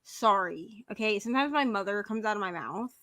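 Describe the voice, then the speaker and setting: A woman's voice: medium pitch, expressive, brisk, a bit bright. A woman co-hosting a reading livestream, chatting casually and giving blunt opinions. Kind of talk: casual chat.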